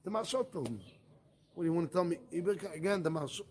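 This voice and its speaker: Rabbi guy teaching talmud, pretty high voice, keeps asking and answering his own questions, broken-ish english. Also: quick pace. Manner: asks rhetorical questions and answers them himself; animated, acts out the arguments in first person. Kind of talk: Talmud study lecture.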